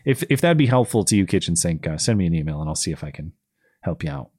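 A man's voice: low-pitched, very animated, quick pace, darkish tone, dry recording, studio quality. A man hosting a call-in show, chatting casually and rambling with plenty of fillers and restarts. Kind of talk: casual chat.

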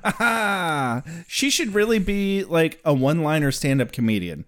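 A man's voice: fairly high pitch, sing-song, brisk. A man co-hosting a casual podcast, recapping a TV episode, laughing often and putting on silly voices. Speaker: podcast co-host.

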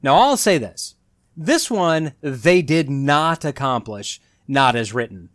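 A man's voice: mid-range voice, sing-song, slow pace, a bit bright, dry recording, studio quality. A man hosting a solo commentary podcast, talking with sarcastic, mocking asides. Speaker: podcast host.

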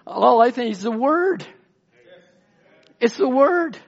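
A man's voice: very high-pitched, expressive, takes it slowly, vocal fry, slightly rough, lo-fi sound. A man preaching an emotional, rambling sermon as pastor in a church, pleading and often near tears. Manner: tearful, pleading, rambling with restarts.

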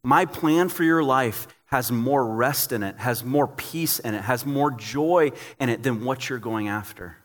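A young man, a pastor, preaching a sermon in a relaxed, joking, storytelling way. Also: mid-range voice, unhurried, few pauses, long reverb tail.

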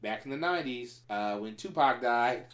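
A man's voice: medium pitch, expressive, moderate pace, a bit bright. Casual man hosting a group chat. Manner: steers the talk, wraps up topics.

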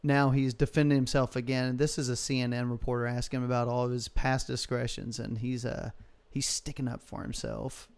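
A man's voice: medium pitch, level tone, brisk, few pauses, darkish tone, smooth. A man hosting a podcast in casual, crude, enthusiastic chat, swearing often. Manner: profane, laughing, enthusiastic. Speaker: podcast host.

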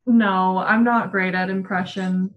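A woman's voice: medium pitch, steady tone, unhurried, lo-fi sound. A woman in casual chat, giggling often and talking with lots of fillers. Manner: giggly, chatty, many fillers.

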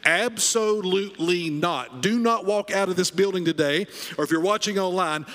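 High-voiced preaching man in reverberant church. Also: brisk, fairly bright tone. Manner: emphatic preaching, repeats key phrases. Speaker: pastor. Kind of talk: sermon. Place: church sanctuary. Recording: long reverb of a church hall.

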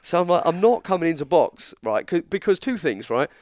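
An Englishman's voice, on the high side and a little fast, carries a long story told in casual chat. As the guest storyteller, he animatedly acts out the quoted lines of the people in it.

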